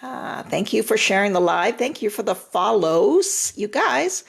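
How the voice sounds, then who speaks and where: A woman's voice: medium pitch, sing-song, a little slow, gravelly, slightly rough. An older woman, a retired relationship therapist, giving direct, reassuring advice on a live stream and often repeating her phrases.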